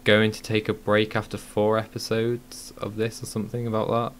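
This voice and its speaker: A man's voice: lowish voice, completely flat delivery, normal speed, slight background noise. A man hosting a casual live-streamed podcast, talking with many ums and restarts. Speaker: podcast host.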